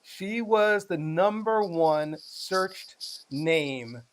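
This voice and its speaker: A man's voice: sits high, lively intonation, extremely slow. A man co-hosting a podcast, explaining celebrity news in a loose, chatty way full of filler sounds. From United States. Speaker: podcast co-host. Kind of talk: casual chat.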